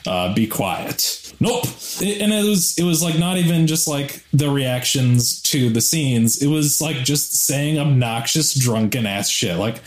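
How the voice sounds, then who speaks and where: Brief: male podcast co-host, animated storyteller who swears a lot, echoey room. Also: on the high side, measured pace, few pauses. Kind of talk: casual podcast chat.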